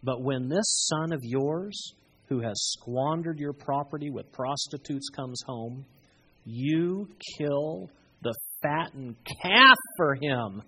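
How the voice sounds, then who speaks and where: A preacher voicing the resentful older son from a parable, complaining with aggrieved indignation in a raised, louder voice. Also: medium pitch, expressive, takes it slowly, slightly rough, voice pushed down, full character voice, rough recording.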